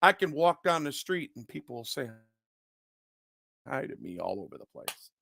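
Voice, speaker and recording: A man's voice: mid-range voice, sing-song, moderate pace, vocal fry, pushed and bright, dry recording, clean studio sound. A man ranting in an unscripted monologue, agitated and profane, often repeating himself. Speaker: online commentator.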